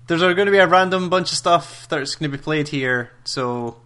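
Brief: young male co-host, slightly high and bright, quizzing and wry. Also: normal speed, clear, resonant tone. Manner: quizzing, questions and wry remarks. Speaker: podcast co-host. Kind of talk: casual chat.

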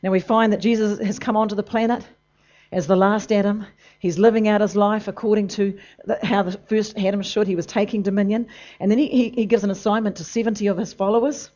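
A preacher delivering a sermon emphatically, moving between loud bursts and low, intense passages. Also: steady tone, brisk. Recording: dull lo-fi recording.

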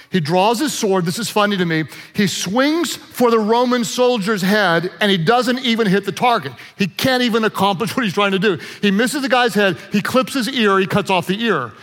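A man preaching a sermon as pastor, animated and playful, acting out quotes with humor. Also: high-pitched, big-room sound.

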